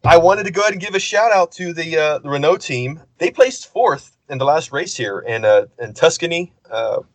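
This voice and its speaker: A man co-hosting a podcast, talking in an easygoing, relaxed way with many fillers like "uh" and "you know". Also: fairly high pitch, moderate pace, no room sound. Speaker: podcast co-host. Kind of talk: casual chat.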